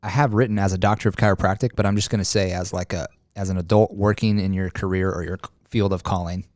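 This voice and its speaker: A man's voice: deep voice, fairly even intonation, quick pace, a little mellow, no room sound, clean studio sound. A man hosting a podcast interview, enthusiastic and affirming as he asks questions. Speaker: podcast host. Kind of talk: casual interview chat.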